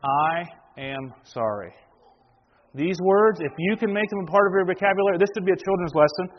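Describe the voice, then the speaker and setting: A man's voice: high voice, racing. A man preaching a sermon, talking with the congregation in a conversational way, asking them questions and repeating himself as he goes. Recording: muffled church recording with reverb.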